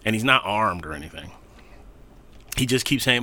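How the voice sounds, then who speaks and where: Man, podcast co-host. Lively, swinging pitch and a very bright tone. Casual, profane, acts out the quotes. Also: normal speed. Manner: animated storytelling, swearing, laughing, acting out quotes.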